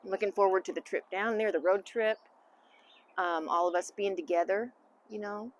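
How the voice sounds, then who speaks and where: A middle-aged woman, answering interview questions as a mother in a candid, halting, emotional way. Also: mid-range voice, steady tone, muffled recording. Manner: candid, halting, emotional, trailing off into soft asides. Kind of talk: casual family interview.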